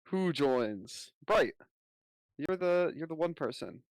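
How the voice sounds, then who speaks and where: A man's voice: fairly high pitch, animated, takes it slowly, dry recording. A man hosting a live stream, chatting casually and playfully with friends, often laughing. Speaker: streamer host.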